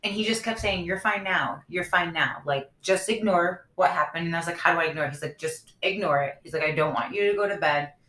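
Bright-voiced woman telling a candid story. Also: on the low side, a little fast, hardly any pauses. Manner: candid storytelling, animated retelling of dialogue. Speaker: podcast co-host. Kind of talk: casual chat. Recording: echoey room.

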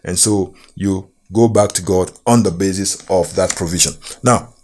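A man preaching a sermon, slow and emphatic, reading and quoting scripture with measured repetition. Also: low voice, a little mellow, slight background noise.

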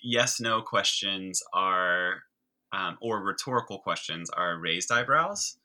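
Brief: male podcast guest, lower register with a sharp bright edge, eager teacherly explainer. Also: lively intonation, takes it slowly, poor audio. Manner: enthusiastic, chatty explainer. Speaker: guest, sign language teacher. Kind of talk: conversational explaining.

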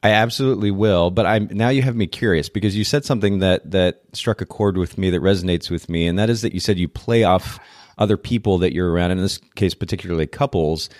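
A man's voice: low-pitched, fast talker, a little mellow, no echo, studio quality. A man hosting a podcast interview, talking in an effusive, casual way with frequent restarts. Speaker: podcast host.

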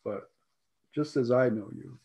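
An American man, a life coach, talking earnestly in a conversation, often clearing his throat and repeating his points. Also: medium pitch, a little slow, warm tone.

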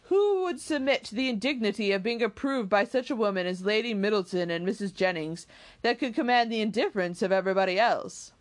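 A woman voicing a witty, stubborn young gentleman who banters in a quick, teasing way. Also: mid-range voice, natural voice, poor audio. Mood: mocking.

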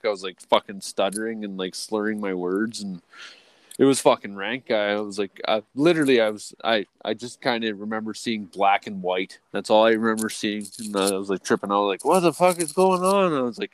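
A man's voice: lowish voice, dry recording. A young adult man telling a rambling story with heavy swearing and lots of fillers, co-hosting a casual podcast chat. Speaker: podcast co-host.

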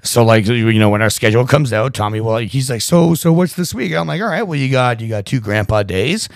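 A man's voice: lowish voice, a little fast, dry recording, clean studio sound. A middle-aged man in casual chat, laid-back and rambling, swearing freely and filling his talk with "you know".

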